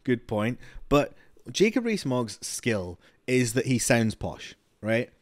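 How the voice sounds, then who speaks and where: A man's voice: mid-range voice, big pitch swings, slow, dry recording, clean studio sound. Sweary man ranting. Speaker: streamer reacting to a clip. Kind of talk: casual reaction commentary.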